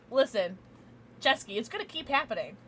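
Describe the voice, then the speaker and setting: A bright, high-voiced young woman talks into a desk mic at her home stream setup. She chats with viewers in a giggly, tipsy way, and her pitch swings widely from line to line. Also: big pitch swings, measured pace, breathy edge. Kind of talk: casual livestream chat with viewers.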